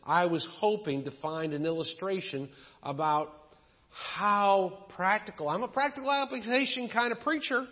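Man, pastor, folksy storytelling sermon, high voice, long church reverb, dull sound. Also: normal speed. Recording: dull echoey church recording.

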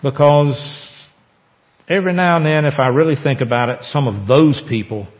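A man preaching a sermon as pastor, earnest, with slow emphatic pauses. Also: a little high. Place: church sanctuary. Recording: echoey church hall, dull lo-fi sound.

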